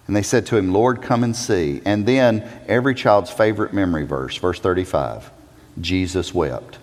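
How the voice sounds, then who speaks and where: A man preaching a sermon as pastor, swinging dramatically between loud urgent passages and hushed low ones. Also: normal speed. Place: church sanctuary. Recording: long hall reverb.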